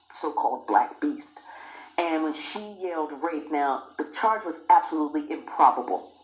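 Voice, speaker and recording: A woman's voice: sits low, reverberant, low-quality recording. A woman giving an emphatic history lecture, repeating phrases for weight and acting out quotes.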